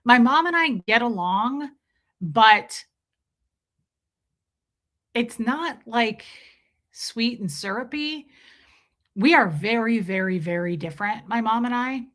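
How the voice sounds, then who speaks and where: Bright-voiced young woman streamer chatting. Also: a little high, lively intonation, slow, long pauses. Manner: chatty, swearing freely, storytelling. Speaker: livestream host. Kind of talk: casual livestream chat.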